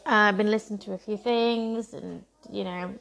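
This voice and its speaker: A woman's voice: medium pitch, fairly even intonation, moderate pace, gravelly, a bit bright. A woman, talking frankly in a casual monologue, swearing heavily and sounding defiant. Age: 30s. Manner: blunt, heavy swearing, defiant. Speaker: content creator.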